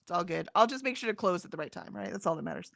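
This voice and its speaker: Bright, lively woman reading chat aloud. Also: on the low side, very fast, creaky, no room sound, studio quality. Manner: reads chat comments aloud, chatty, laughs often, trails off. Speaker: livestream co-host reading chat. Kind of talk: casual livestream chat.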